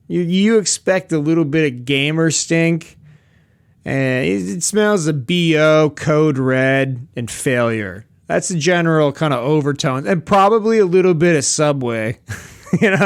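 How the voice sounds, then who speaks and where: Profane, rambling young man telling a story. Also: a little high. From Pacific Northwest of the US. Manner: profane, rambling, sarcastic with asides and chuckles. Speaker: podcast host. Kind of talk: casual comedic storytelling monologue.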